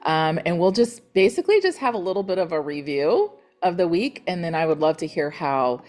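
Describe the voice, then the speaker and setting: A middle-aged woman hosting a motivational real estate team call, chatty and encouraging, retelling conversations with lively quoted voices. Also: lowish voice, a little fast.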